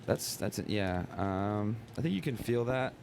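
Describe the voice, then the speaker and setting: A young man with a deep, low voice talks about comedy in a loose, rambling way, full of fillers and "bro". A faint hiss sits behind him. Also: animated, a little slow, vocal fry, a little mellow. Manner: laid-back, rambling, lots of "like" and "bro". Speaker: guest comedian. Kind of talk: casual podcast chat.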